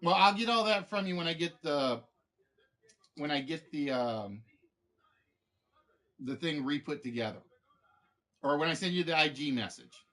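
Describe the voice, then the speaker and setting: Male stream host, casual rambling chat, slightly higher pitch. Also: expressive, normal speed, pauses often, fairly bright tone. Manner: rambling, many fillers and restarts. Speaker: game show streamer host.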